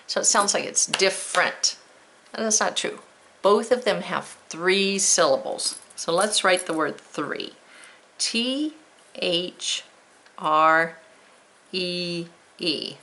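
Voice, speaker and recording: A woman teaching a spelling lesson who talks slowly and clearly and spells words out letter by letter. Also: on the low side, a bit bright.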